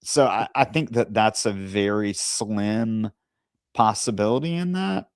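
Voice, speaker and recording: A man co-hosting a casual discussion, speaking in a measured, careful way with pauses and fillers. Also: lowish voice, expressive, dry recording, studio quality. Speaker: co-host.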